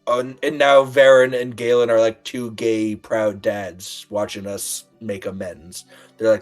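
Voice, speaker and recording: A man recapping a tabletop game session in a rambling, halting way with lots of fillers, acting out quotes. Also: lowish voice, flat delivery, faint music behind. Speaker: player recapping the last session.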